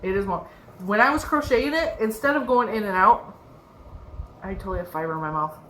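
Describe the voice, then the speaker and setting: Chatty crochet lady rambling about her yarn, bright voice, echoey room with a little hiss. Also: mid-range voice, fairly quick. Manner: chatty, rambling, laughs often. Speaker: crochet vlogger. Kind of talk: casual show-and-tell chat. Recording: echoey room with faint background noise.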